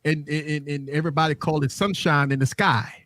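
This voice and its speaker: A man's voice: on the high side, fairly quick, dry recording. A man hosting a live tech chat show. He talks casually and keeps checking in with "right?". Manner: animated, tag questions like "right?". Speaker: host.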